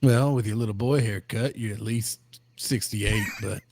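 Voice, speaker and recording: Man, low gravelly husky voice, plays a dry, needling frontier marshal. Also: moderate pace, darkish tone, dry recording. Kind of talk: in-character roleplay chat.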